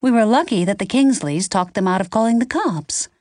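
A woman's voice: medium pitch, animated, fairly quick, mellow, no room sound, studio quality, lightly acted. A woman voicing an earnest, modest young woman caterer.

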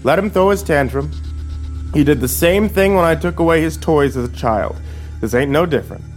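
A sneering, menacing sheriff from a spoken story, full of cold contempt. He drawls his taunts in a raised, forceful voice, played by a man narrating. Faint music sits under the reading. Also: fairly high pitch, moderate pace, pitched above the performer's own voice, lightly acted. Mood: taunting. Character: menacing sheriff, older man, cruel and smug.

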